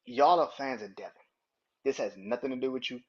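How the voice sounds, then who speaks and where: A man's voice: medium pitch, brisk, slightly rough. A man hosting a solo sports podcast, ranting in a heated, profane, emphatic way. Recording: dull lo-fi recording.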